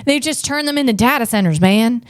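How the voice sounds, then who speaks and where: A woman's voice: on the high side, lively intonation, fairly quick, dry recording, clean studio sound. A woman hosting a comedy podcast, riffing casually and interrupting herself as she talks. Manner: chatty, riffing, self-interrupting.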